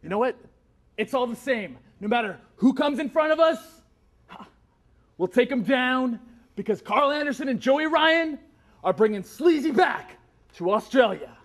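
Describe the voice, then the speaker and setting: A man's voice: very high-pitched, expressive, normal speed. A male wrestler giving a brash, swaggering trash-talk promo.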